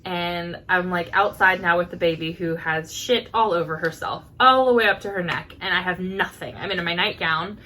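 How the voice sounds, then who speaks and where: Animated woman telling a story. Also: lowish voice, moderate pace, hardly any pauses, a little hiss or hum. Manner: animated storyteller, acts out quotes with laughs. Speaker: podcast co-host. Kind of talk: casual chat.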